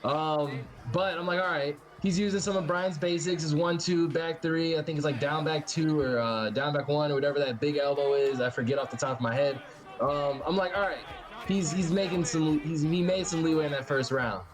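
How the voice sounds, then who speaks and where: A man's voice: on the high side, normal speed, some chatter behind. A man co-hosting a casual recap chat, laid-back and teasing, laughing often. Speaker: podcast co-host.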